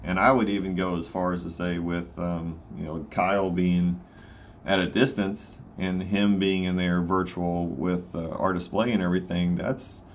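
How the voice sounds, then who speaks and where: A man with a Southern American accent, a guest in a casual chat, talking haltingly with many fillers. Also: low-pitched, little pitch movement, a little hiss or hum. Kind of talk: casual conversation.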